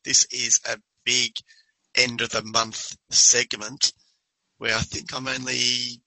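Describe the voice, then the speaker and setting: A man's voice: medium pitch, level tone, slow pace, gravelly, sharp tone, no echo, low-quality recording. A man co-hosting a casual football podcast, running a guessing game and teasing his friends with a laugh. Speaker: podcast co-host. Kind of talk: casual banter.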